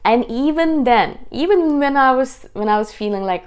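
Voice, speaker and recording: Fast-talking intense woman vlogger. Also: on the high side, clean tone. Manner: fast, intense, animated delivery. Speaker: YouTube host. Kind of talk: casual talking-head monologue.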